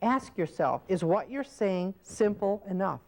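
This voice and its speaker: A woman's voice: mid-range voice, very animated, unhurried, darkish tone. A woman teaching caregivers in an instructional training video, explaining patiently and acting out short example scenes. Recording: old VHS training tape.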